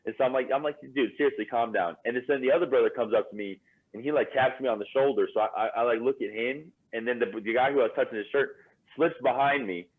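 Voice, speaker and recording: A man spins animated bar stories with a husky edge, piling up fillers and laughing through them. His voice comes through a thin, phone-like line, as though he were calling in. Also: mid-range voice, fast. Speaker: podcast guest. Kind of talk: casual storytelling.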